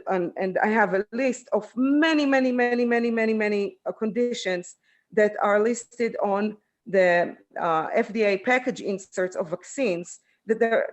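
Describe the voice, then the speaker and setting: A man testifying at a public hearing, halting and repeating himself with many fillers. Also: high-pitched.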